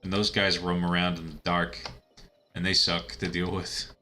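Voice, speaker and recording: A man's voice: low voice, little pitch movement, moderate pace, pushed and bright, faint music behind. A man giving casual, rambling commentary while playing a video game, chatty and laughing at his own asides. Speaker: let's-play gamer.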